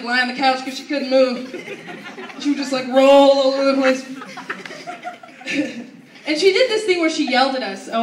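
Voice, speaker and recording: Young woman doing stand-up, high voice, animated, sounds far off in an echoey room. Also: slight background noise. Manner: animated, acts out family members. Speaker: stand-up comedian. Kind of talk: stand-up comedy storytelling. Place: open mic at a university venue.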